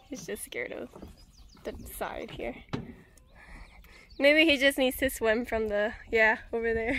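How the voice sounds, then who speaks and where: A woman's voice: high voice, unhurried, pauses often, fairly bright tone. A woman from Minnesota, chatting casually in a travel vlog by a lake, laughing often and coaxing her dog. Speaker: vlogger. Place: outdoors by a lake.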